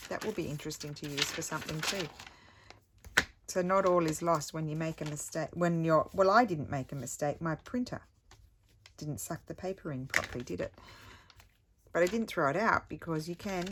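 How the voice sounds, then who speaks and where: A middle-aged woman with a low voice talks through a craft project at home. She thinks out loud in a casual, self-mocking way. The room has a faint hiss behind her. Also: normal speed. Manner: chatty, thinks aloud, self-deprecating. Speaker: craft vlogger. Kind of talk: casual crafting tutorial chat.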